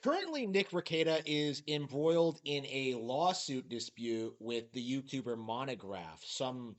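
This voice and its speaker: A man's voice: mid-range voice, expressive, a little slow. A man narrating a commentary video, sarcastic and incredulous. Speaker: YouTube commentator.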